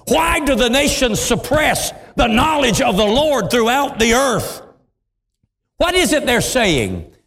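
A man preaching a sermon with impassioned, dramatic swings, dropping into deep voices for emphasis. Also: fairly bright tone, husky. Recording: long hall reverb.

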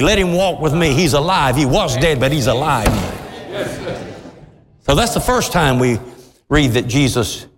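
Impassioned preacher man, soaring pitch. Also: in a large hall. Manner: impassioned, rising to shouts. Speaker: pastor. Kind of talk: sermon.

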